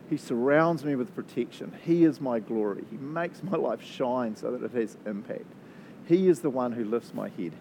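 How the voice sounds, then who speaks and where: A man with a New Zealand accent, preaching a sermon and praying in a chatty, animated way that often breaks into laughs. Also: medium pitch, a little hiss or hum, poor audio. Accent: New Zealand English. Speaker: pastor. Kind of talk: sermon with prayer.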